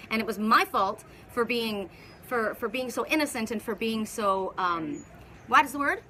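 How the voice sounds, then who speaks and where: Woman, spiritual teacher, casual live talk, rambling restarts, bright tone. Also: on the high side, expressive, normal speed, slight background noise. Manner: rambling storytelling with many restarts. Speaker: spiritual teacher and oracle reader.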